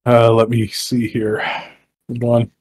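A man's voice: medium pitch, completely flat delivery, takes it slowly, a little mellow. An American man co-hosting a podcast, chatting casually and arguing in a playful, joking way. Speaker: podcast co-host. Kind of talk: casual chat.

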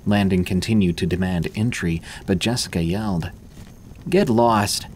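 A man reading first-person horror stories aloud as scripted narration, in a steady, measured delivery. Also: low voice, slight background noise.

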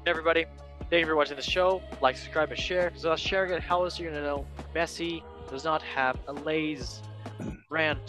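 A man's voice: a little high, fairly even intonation, fairly quick, music in the background. A young man hosting a casual football chat show, reading memes aloud in a chatty, playful way and laughing at his own jokes. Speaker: podcast host.

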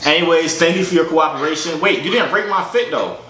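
A man's voice: fairly high pitch, brisk. A man vlogging while video chatting with strangers, talking in a playful, teasing, slangy way. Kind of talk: casual joking video chat. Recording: echoey room with background noise.

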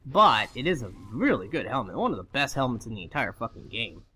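A man talking over his own gameplay, cursing nonstop and yelling at the enemies on screen. His bright, edgy voice swings wildly up and down between muttered asides and sudden outbursts. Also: mid-range voice, very animated, a little fast, husky. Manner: swears constantly, yelling at the game in frustration; laughs and shouts in sudden outbursts. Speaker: let's play commentator. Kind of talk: casual gameplay commentary.

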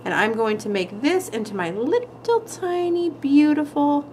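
A woman's voice: sits high, lively intonation, measured pace, darkish tone, a little hiss or hum. A woman hosting a nail art tutorial, chatting casually and giggling while she paints, sometimes trailing off as she concentrates. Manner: chatty and giggly, with frequent laughs; talks while concentrating, trailing off mid-sentence.

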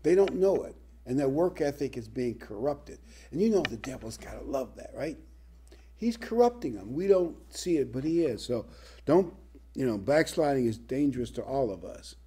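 A man delivering a sermon with a husky, slightly breathy voice and a dark, mellow timbre. He reads scripture and drives his points home with emphatic, lively preaching. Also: medium pitch, normal speed.

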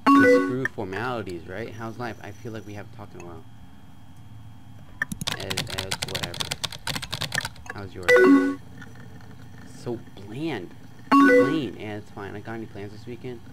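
A man playing a chat game on his channel, reading the messages aloud in a flat tone and breaking into loud, excited outbursts. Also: on the low side, normal speed, pauses often, over loud music. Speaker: gaming YouTuber. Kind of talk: let's play commentary, reading chat aloud.

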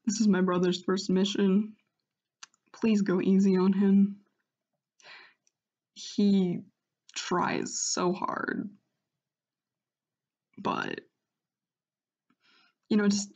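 An easygoing skeleton big brother, put on by a woman, speaking slowly and gently pleading. His protective manner comes through in a soft, unhurried voice. The recording sounds a little dull and lo-fi. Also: medium pitch.

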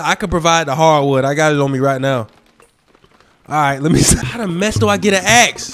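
A man's voice: high-pitched, fairly bright tone. A sleepy young man doing late-night let's-play commentary, goofy and rambling from one topic to the next. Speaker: gaming YouTuber.

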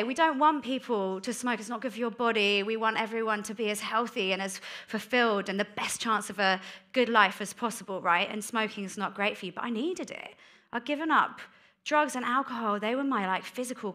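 A woman giving a candid sermon about her life, told as a chatty story with quick asides. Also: medium pitch, bright, forceful tone. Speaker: guest speaker. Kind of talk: testimony sermon.

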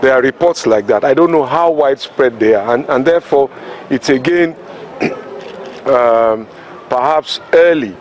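A Nigerian governor speaking to reporters outdoors at a polling station, measured and careful, often hedging and repeating words for stress. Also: male voice, medium pitch, a little hiss or hum. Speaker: state governor. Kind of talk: press remarks to reporters.

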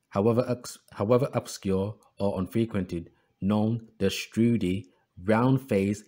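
A man hosting a history channel, reading book excerpts aloud and adding sarcastic asides. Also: sits low. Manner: reads passages in an even voice, then adds sarcastic asides.

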